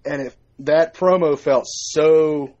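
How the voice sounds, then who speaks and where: A man telling a story in a casual chat, profane and animated as he recounts it. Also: a little high, takes it slowly, lo-fi sound. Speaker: podcast co-host.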